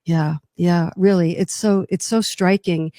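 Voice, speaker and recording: A woman's voice: lowish voice, steady tone, measured pace, warm tone, no room sound, clean studio sound. A woman hosting a podcast interview, attentive and empathetic, with reflective follow-up questions. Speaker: podcast host.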